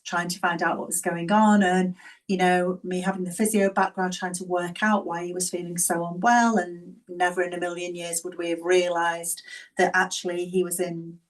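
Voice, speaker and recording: A middle-aged woman with a Liverpool Scouse twang talks in a friendly, self-deprecating way, speeding up when she gets keen. Her voice sits fairly low for a woman. She sounds set back from the microphone. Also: recorded from a distance, rough recording. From England, Liverpool. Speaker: guest speaker, physiotherapist. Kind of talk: personal talk to a webinar audience.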